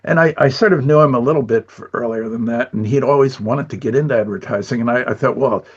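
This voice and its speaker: A man's voice: medium pitch, quick pace, breathy edge, dull audio. An older man who is an animator, chatting as an interview guest, telling rambling stories with lots of chuckles. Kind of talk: casual storytelling chat.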